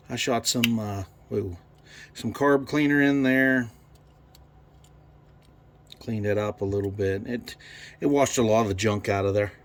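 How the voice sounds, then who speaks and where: A man's voice: on the low side, fairly bright tone, slight background noise. A man in his garage talking through a carburetor rebuild, rambling and swearing freely as he works. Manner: profane, rambling, thinks aloud. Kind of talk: casual workshop how-to.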